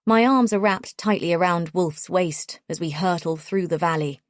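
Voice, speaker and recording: A woman narrating a first-person thriller audiobook in a measured, tense way. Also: on the low side, dry recording, clean studio sound.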